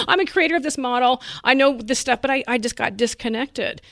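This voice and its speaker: A middle-aged woman dietitian in a podcast interview, talking in an animated way, often laughing and acting out what her patients said. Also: high voice, moderate pace, dry recording, studio quality. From United States. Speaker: dietitian guest.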